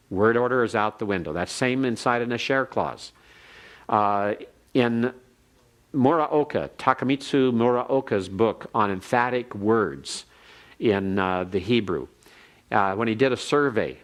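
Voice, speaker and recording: Older man lecturing on Hebrew grammar. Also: lowish voice. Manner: measured, explanatory, reads Hebrew slowly for students to repeat. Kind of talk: classroom lecture.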